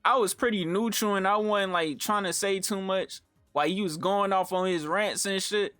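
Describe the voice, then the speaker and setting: A man's voice: fairly even intonation, normal speed, fairly bright tone, no echo, faint music behind. A young adult man telling a rambling story in casual, profane slang and acting out the quotes. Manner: acts out quoted lines in swings of pitch. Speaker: storytime YouTuber. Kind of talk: casual storytelling over gameplay.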